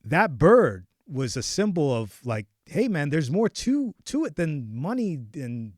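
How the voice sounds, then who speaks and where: A man in his forties tells a personal story on a podcast, voice sitting a little high for a man. He restarts and repeats words as he goes, dropping to near-murmurs and then rising loud. The sound is dry and close, with no room around it. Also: a little slow, dry recording. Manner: animated, repeats and restarts words, swings between hushed and loud. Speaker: podcast host. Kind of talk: casual storytelling chat.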